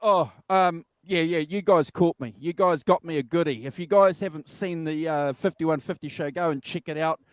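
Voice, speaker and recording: A man with a New Zealand accent hosting a casual live-stream chat, excitable and easily flustered. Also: a little high, moderate pace, few pauses, clean tone, no echo. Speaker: show host.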